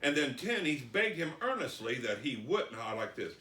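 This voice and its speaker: A man teaching the Bible, reading scripture slowly and dramatically, then commenting. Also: mid-range voice, very animated, bright, forceful tone. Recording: roomy echo, distant mic.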